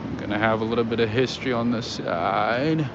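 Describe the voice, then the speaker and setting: A man's voice: mid-range voice, fairly even intonation, fairly quick. A man from California hosting a live walking tour at night, chatting casually with his viewers and calling them friends. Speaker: livestream host. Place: outdoors on a city street at night. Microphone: handheld livestream setup with earphones. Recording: lo-fi street stream with loud traffic noise.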